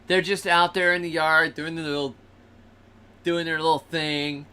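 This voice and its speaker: A man's voice: fairly high pitch, moderate pace, clean tone. A man hosting a show, telling stories casually and animatedly, acting out the animals and people in them. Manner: animated, acts out animals and people in funny voices. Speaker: host. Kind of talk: casual storytelling.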